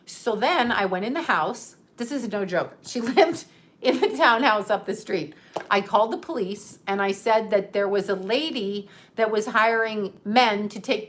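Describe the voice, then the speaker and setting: A woman's voice: fairly high pitch, pushed and bright. A middle-aged woman telling a personal story in a casual, profane way, laughing often as she retells it.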